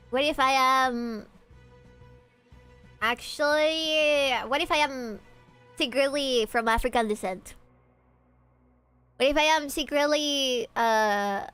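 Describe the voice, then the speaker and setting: A woman's voice: sits high, slow pace, long pauses, a bit bright, clear, resonant tone, faint music behind. A young woman from Peru, streaming a game and joking and teasing with her chat, swearing casually. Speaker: VTuber streamer.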